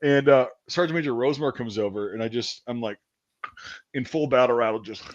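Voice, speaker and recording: A man's voice: medium pitch, fairly quick. A man hosting a casual chat, telling army stories in a loose, profane way. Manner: animated, profane storytelling. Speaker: podcast host. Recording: dull lo-fi sound.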